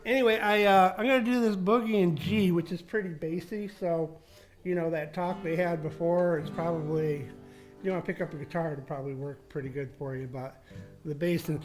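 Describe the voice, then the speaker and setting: Open mic musician, man, high voice, halting deadpan tale-teller, faint music behind. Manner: halting, repeats words, deadpan tall tales. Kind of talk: rambling stage banter.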